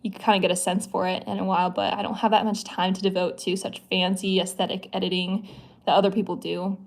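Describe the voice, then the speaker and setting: A woman's voice: mid-range voice, little pitch movement, fast, gravelly. A young woman from the US Midwest hosting a casual livestream, answering chat questions in a chatty, playful way. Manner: chatty, playful, with many likes and giggles.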